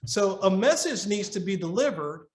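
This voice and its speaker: A man's voice: high-pitched, animated, moderate pace. A middle-aged man talking as a podcast guest, giving earnest advice on marriage in a conversational way and often repeating and restarting words as he tells a story. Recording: roomy echo.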